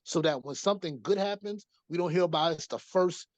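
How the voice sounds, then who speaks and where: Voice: mid-range voice, a little fast, no echo, highs cut off. A podcast co-host making an earnest, argumentative point in a casual group discussion.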